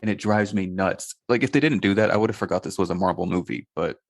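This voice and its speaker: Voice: sits low, fast talker, no echo, studio quality. A podcast co-host in casual chat about a movie, laid-back and opinionated, cursing casually.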